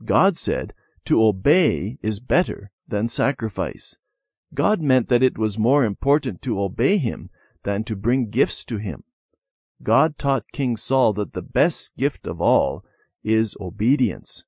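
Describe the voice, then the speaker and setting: A man voicing a patient mother who calmly teaches her children. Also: lowish voice, slow pace, breathy edge, dry recording, studio quality, exaggerated voice. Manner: calm, instructive storytelling.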